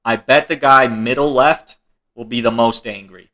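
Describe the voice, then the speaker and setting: A man's voice: medium pitch, fairly even intonation, normal speed, pushed and bright. A man giving joking reaction commentary on videos, laughing now and then and swearing casually as he explains.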